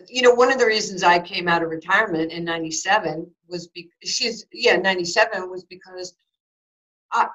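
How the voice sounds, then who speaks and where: Lively storytelling woman, low-pitched. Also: muffled recording. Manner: lively anecdotes with acted-out quotes, many fillers. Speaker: guest, former basketball player and coach. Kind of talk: animated storytelling in an interview.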